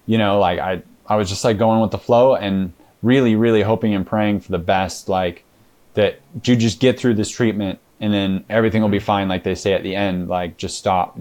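Male interview guest, low voice, halting storyteller, full of fillers and restarts, acts out dialogue. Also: a little mellow.

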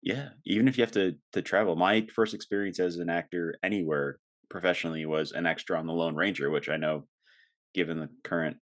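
Male podcast host, low-pitched, upbeat and talkative. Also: steady tone, brisk. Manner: enthusiastic, chatty, laughs easily. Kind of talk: casual podcast chat.

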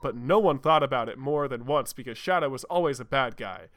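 A man co-hosting a comedy podcast, reading a story aloud in an animated, theatrical way and bantering. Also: medium pitch, a little fast. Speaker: podcast co-host.

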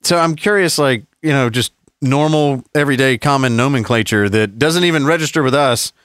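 A man from the American South telling profane, animated stories as a podcast co-host. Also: medium pitch, a little fast, clean tone, no room sound, clean studio sound. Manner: profane storytelling, animated impressions. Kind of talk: casual chat.

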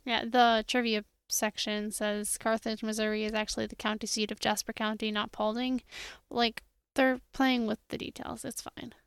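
A woman's voice: on the high side, level tone, moderate pace, clean tone, dry recording. A woman co-hosting a podcast in casual chat, with wry, emotional asides. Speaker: podcast co-host.

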